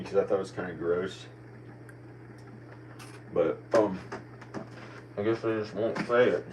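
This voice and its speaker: A man's voice: fairly low pitch, darkish tone. A man in his forties with an American country accent, musing in a meandering, self-questioning monologue full of restarts. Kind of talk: rambling personal monologue. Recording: distant mic with faint background noise.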